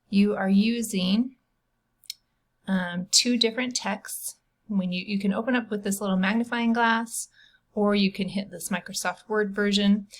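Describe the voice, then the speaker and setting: A middle-aged woman teaching a recorded online lesson at a middling pitch for a woman. She talks patiently and walks through each point step by step, dropping casual asides as she goes.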